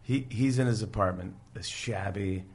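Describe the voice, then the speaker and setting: A man's voice: lowish voice, normal speed. A man guest on a podcast, chatting casually and acting out scenes as he retells them. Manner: animated storyteller acting out scenes. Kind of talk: casual chat.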